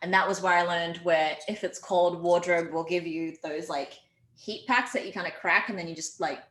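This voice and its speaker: Brief: low-pitched woman, casual chatty interview guest, roomy echoey call sound. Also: fairly even intonation, normal speed, fairly bright tone. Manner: chatty, laughs easily, many likes and ums. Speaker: actress and filmmaker guest.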